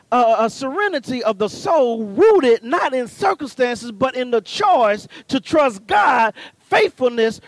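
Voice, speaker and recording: Man, preacher, very high voice, fervent sermon, folksy and punchy, dry close sound. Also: dry recording. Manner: builds from calm teaching to fervent shouting; folksy, punchy, talks straight to the congregation.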